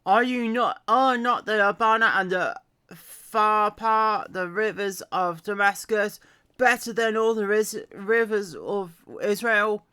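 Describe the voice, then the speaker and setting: Proud male commander in a Bible reading, indignant, emphatic, slow as a woman reads him. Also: mid-range voice, pushed and bright, clean tone. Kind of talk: Bible reading with put-on voices.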